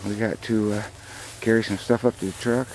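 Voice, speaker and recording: A man's voice: on the low side, fairly even intonation, a little fast, darkish tone, slight background noise, rough recording. An older man, hosting a hunting show outdoors by a field and rambling folksily about the hunt and his sponsors. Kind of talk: casual outdoor commentary.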